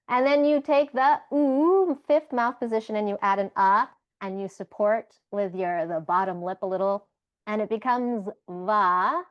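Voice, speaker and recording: Over a video call, a woman leads an online group Sanskrit lesson, patiently demonstrating pronunciation one sound at a time. Her voice is mid-range, with dull audio and no room sound.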